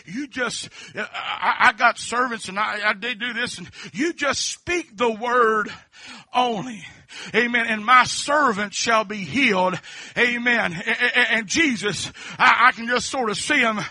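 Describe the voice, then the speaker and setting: A middle-aged man preaching a fervent holiness sermon in a church, sprinkling amens through his lines and rising to shouts. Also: very high-pitched, no echo. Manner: fervent, fills pauses with repeated amens, shouts at peaks. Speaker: pastor. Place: church sanctuary.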